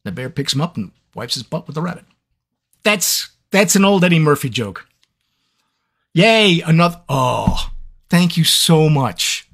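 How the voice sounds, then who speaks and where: Animated man chatting with fans. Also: on the high side, a little slow, slightly rough. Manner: animated, playful storyteller. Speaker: audiobook narrator. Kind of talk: live fan Q&A chat.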